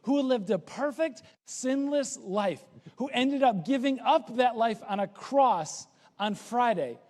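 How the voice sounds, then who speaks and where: A man's voice: very high-pitched, animated, takes it slowly, darkish tone, in a large hall. A man preaching a sermon as a pastor, in a casual, conversational and joking way.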